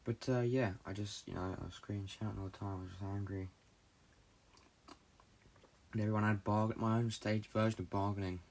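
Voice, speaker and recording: A young man from Britain hosting a solo podcast, talking in a halting, low-key, confessional way and swearing often. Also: fairly even intonation, gravelly, a little mellow. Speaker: podcast host. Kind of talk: rambling solo podcast monologue.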